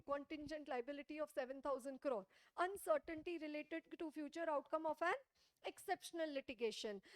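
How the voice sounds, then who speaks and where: A woman with an Indian English accent giving a classroom audit lecture, often stopping to check whether students follow. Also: high voice. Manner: checks understanding with frequent rhetorical questions.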